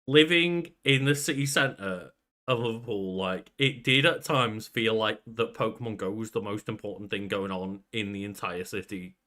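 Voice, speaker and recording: A man's voice: on the low side, moderate pace, pushed and bright. A man co-hosting a casual podcast, chatty, laughing often and swearing offhand. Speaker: podcast co-host. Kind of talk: casual chat.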